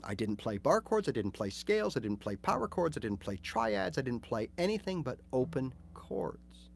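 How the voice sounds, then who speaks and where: Man, guitar teacher, casual livestream lesson, chatty, animated, middle pitch. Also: moderate pace, creaky. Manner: chatty, animated, acts out little scenes.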